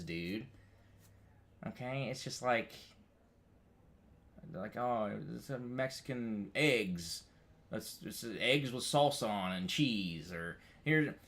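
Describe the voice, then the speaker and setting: A man from upstate New York talking casually to his chat. He rambles, restarts his sentences and curses a lot, calling everyone "dude", and his voice climbs high and loud when he gets worked up. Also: expressive, normal speed.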